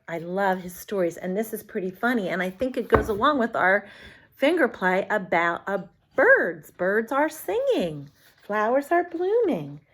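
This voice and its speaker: A woman teacher reading a picture book aloud to young children, speaking in an animated, talking-to-kids manner. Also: mid-range voice.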